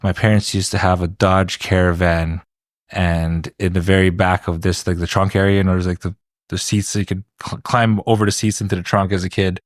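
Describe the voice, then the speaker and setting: A man's voice: low voice, flat delivery, a little fast, no room sound, studio quality. A man from Quebec, a guest musician in an interview, talking in a rambling way with many restarts. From Quebec, Canada. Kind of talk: casual interview chat.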